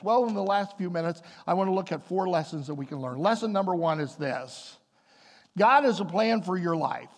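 Gravelly high-voiced man preaching a sermon. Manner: storytelling, rising to emphatic preaching. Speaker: pastor. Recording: long hall reverb.

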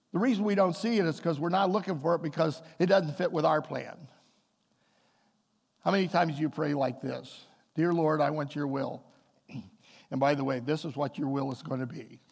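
Gravelly high-voiced man preaching a sermon. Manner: storytelling, rising to emphatic preaching. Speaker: pastor. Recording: long hall reverb.

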